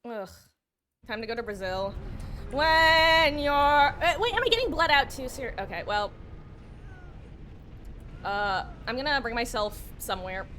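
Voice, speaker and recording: A woman streams a game with a bright, slightly high voice that swoops up and down. She pleads and grumbles, swinging from loud outbursts to low mutters. A faint hiss sits under her voice. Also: sing-song, moderate pace, pauses often. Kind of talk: live gameplay streaming.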